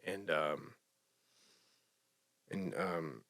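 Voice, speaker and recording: Casting: man, drawl, lowish voice, halting heartfelt storyteller, repeats and restarts. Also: creaky, fairly bright tone. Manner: emotional, halting, many restarts. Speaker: podcast guest sharing recovery story. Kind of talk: casual storytelling.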